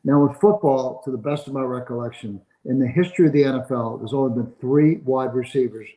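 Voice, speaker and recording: An older man, a sports agent interviewed on a podcast, tells a long story and acts out what the people in it said. His voice is medium-pitched and mellow, his pace brisk, and the recording rough.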